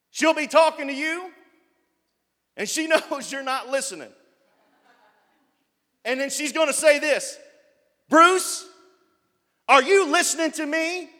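A man preaching a sermon as pastor, building up to loud shouted passages. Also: very high voice, big-room sound. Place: church.

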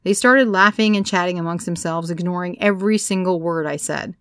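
A woman narrating a first-person story as an audiobook, in a measured, wry storytelling manner. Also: fairly low pitch, a bit bright, no echo, studio quality.

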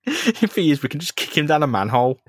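A man's voice: a little high, big pitch swings, fast, no room sound. A man co-hosting a comic book podcast, laughing as he recaps the story into a close microphone. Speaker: podcast co-host. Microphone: close studio mic.

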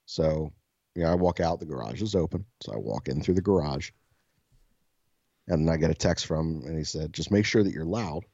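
A soft-spoken man co-hosting a podcast, telling a story casually, swearing freely and laughing at himself. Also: extremely low pitch, moderate pace, gravelly, pauses often, husky, no echo, highs cut off. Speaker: podcast co-host.

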